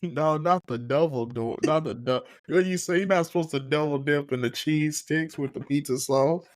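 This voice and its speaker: A man's voice: a little high, moderate pace, dry recording. Man, podcast co-host, joking asides, dry close sound. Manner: joking interjections. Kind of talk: casual chat.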